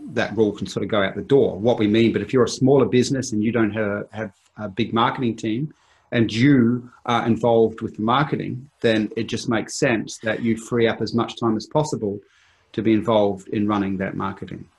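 A middle-aged man in a relaxed business conversation, laying out his rules of thumb on time and marketing. He often restarts mid-sentence and sometimes laughs at himself. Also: on the low side. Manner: quick, laughing, self-interrupting explanations. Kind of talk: casual business chat.

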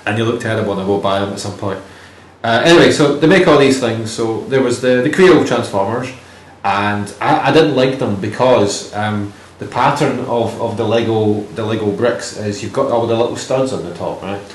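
A man's voice: fairly low pitch, normal speed. A man co-hosting a podcast in casual chat, rambling, joking and swearing. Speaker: podcast co-host. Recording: roomy room with faint noise.

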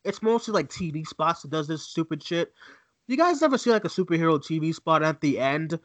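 Man, excitable movie chat co-host, higher-pitched, animated, dry close sound. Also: no room sound. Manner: excitable, fast restarts and stammered repeats. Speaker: co-host of a movie news show. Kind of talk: casual chat, swearing freely.

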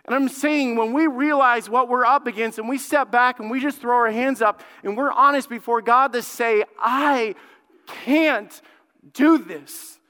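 A male lead pastor preaching a sermon, fervent, dropping to a hushed plea and then rising loud, and often repeating words as he builds a point. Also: extremely high pitch, steady tone, normal speed, few pauses, clean tone. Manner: fervent, swings from hushed pleading to loud outbursts. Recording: long hall reverb.

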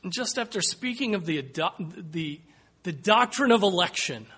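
A man preaching a sermon, slow and emphatic, dropping to a hush and rising to loud calls. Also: high-pitched, lively intonation, breathy edge. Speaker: pastor.

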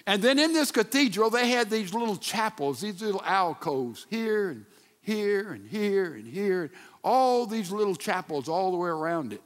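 A man preaching a sermon, telling stories and dropping from loud emphasis to a hushed near-whisper. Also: sits high, expressive, normal speed, big-room sound. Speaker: pastor.

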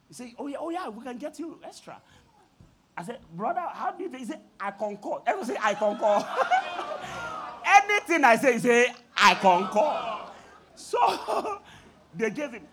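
Lively high-voiced preacher. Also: male voice, noisy background. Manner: animated, laughing, shouts at peaks. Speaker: pastor. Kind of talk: storytelling sermon.

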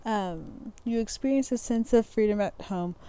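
Mellow-voiced woman reading astrology aloud. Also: medium pitch, moderate pace, clean tone. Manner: reads aloud with stumbles, restarts and frequent "um"; laughs at herself, loose and informal. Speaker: podcast host. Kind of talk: casual reading and chat about astrology.

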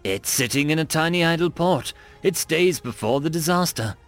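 A blunt, scornful alien soldier woman growls her warnings in a raised, lively voice, as a male narrator puts her on. The tone is gravelly underneath, with faint music behind. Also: fairly high pitch, moderate pace, voice pushed up. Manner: growling, scolding.

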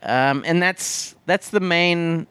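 A man cohosting a movie podcast in casual comedic chat, deadpan, with silly voices for bits. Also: fairly high pitch, slow, crowd noise. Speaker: podcast co-host.

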